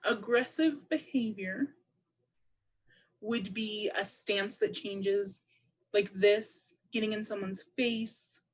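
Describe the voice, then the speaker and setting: A woman interpreting aloud for a deaf presenter at a public seminar, speaking in a measured, explanatory way. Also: mid-range voice, fairly even intonation. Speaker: sign language interpreter voicing a deaf presenter.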